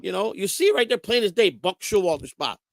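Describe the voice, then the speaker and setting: A man's voice: sits high, very animated, brisk, gravelly, no echo. A man telling rambling, profane stories in casual talk, repeating himself and restarting often. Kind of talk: casual storytelling.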